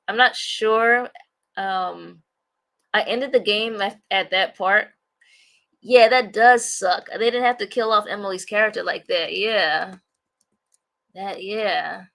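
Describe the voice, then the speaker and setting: Woman host for a casual live chat; slow, rambling delivery with a bright, gravelly voice. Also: medium pitch. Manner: rambling, repeats herself, addresses viewers as y'all. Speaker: livestream host.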